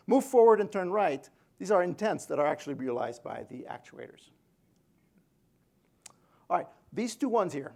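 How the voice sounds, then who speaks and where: In a conference room, a male speaker delivers a technical talk to an audience, his voice fairly high with a darkish tone. He comes across as hesitant yet good-humored, often using fillers and restarting sentences.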